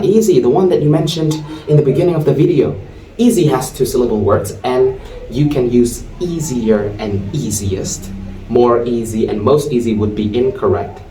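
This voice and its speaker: A man teaching an English grammar lesson, explaining slowly and spelling out word endings. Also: medium pitch, a little mellow, recorded from a distance, a little hiss or hum. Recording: roomy sound from off-mic.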